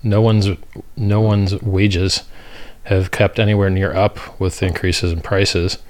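A man's voice: deep voice, level tone, takes it slowly, a little mellow. An American man as a guest in a casual interview, speaking bluntly and emphatically, often ranting.

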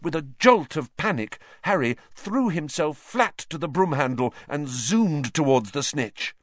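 A man reading a story aloud with expressive narration and voices for the characters. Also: on the high side, measured pace, dry recording, clean studio sound. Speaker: audiobook reader.

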